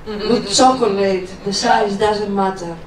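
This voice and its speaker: A woman's voice: medium pitch, unhurried, slight background noise. Woman doing stand-up. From Russia. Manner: deadpan, blunt one-liners. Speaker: stand-up comic. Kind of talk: stand-up comedy set. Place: comedy club stage. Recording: roomy live club sound from a distance.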